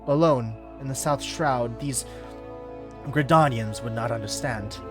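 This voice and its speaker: A man voicing a sad, soft-spoken young woman archer in a game, talking earnestly. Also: mid-range voice, unhurried, close to an everyday voice. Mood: wistful. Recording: clear background music.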